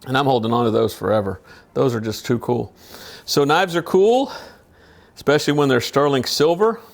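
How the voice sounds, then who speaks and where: A man's voice: mid-range voice, normal speed, vocal fry. A man who collects knives, casually talking through a demonstration and musing aloud with a self-amused manner. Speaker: knife collector showing his knives.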